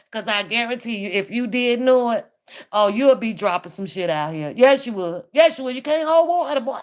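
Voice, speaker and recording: A woman's voice: high-pitched, lively intonation, a little slow. A woman hosting a reaction channel, giving blunt, profane commentary on a clip and laughing often.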